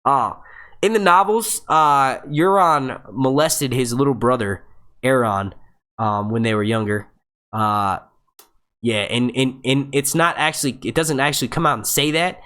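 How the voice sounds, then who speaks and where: A man hosting a casual live review stream, excitable and profane, rambling and restarting his sentences as he talks into his webcam. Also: mid-range voice, measured pace. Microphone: webcam setup.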